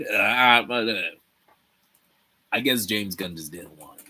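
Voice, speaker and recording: Slight background noise sits under this young man's low-leaning voice as he talks slowly on his casual livestream. He builds a set while chatting with viewers, rambling animatedly, swearing freely and often breaking into laughter.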